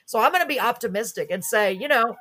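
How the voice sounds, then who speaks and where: A woman's voice: on the high side, expressive, fast talker, bright, forceful tone. A woman, hosting a live music chat show in an effusive, rambling way with lots of fillers. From Texas. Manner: effusive, chatty, many fillers. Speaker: host. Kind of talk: casual live-stream chat.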